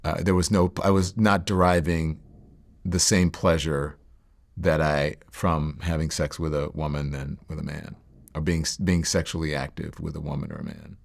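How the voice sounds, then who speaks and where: A middle-aged man speaks low with a gravelly edge as he recounts his past. His delivery is reflective and halting, full of fillers and restarts. He sounds like a guest opening up in a sit-down interview. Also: little pitch movement. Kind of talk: candid personal storytelling.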